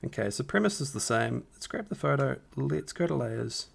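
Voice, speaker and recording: A man hosting a live stream with a rough morning voice, casually talking viewers through a Photoshop edit step by step. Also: medium pitch, expressive, moderate pace. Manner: talks the viewers through each step, upbeat and encouraging. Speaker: stream host doing a Photoshop tutorial.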